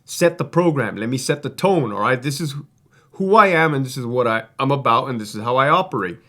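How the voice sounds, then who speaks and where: Animated profane ex-prison-guard man. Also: medium pitch, fairly quick. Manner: profane, streetwise, rambling with restarts. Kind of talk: casual storytelling.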